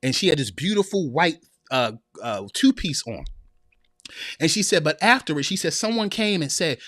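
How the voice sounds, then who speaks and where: A man's voice: fairly high pitch, lively intonation, moderate pace, a bit bright, no room sound, clean studio sound. A man hosting a podcast, telling a personal story in a heartfelt, preacherly manner and speaking directly to listeners as sisters. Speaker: podcast host. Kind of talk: heartfelt motivational monologue.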